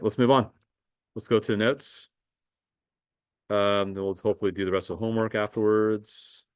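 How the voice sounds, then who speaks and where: A man teaching a high school math class in a casual lecture, talking the students through calculator steps. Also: poor audio. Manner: casual, talks to students as guys, thinks aloud with fillers.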